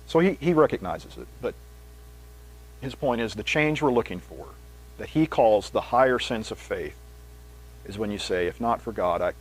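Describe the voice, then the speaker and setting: A man preaching a sermon in a conversational, animated way, reading scripture aloud with rising pitch and volume. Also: slightly rough, poor audio.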